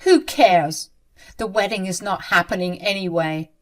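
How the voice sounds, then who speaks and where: A woman's voice: mid-range voice, measured pace, lightly acted. A woman voicing a caring young bride who speaks in an urgent, emphatic way. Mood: concerned, indignant.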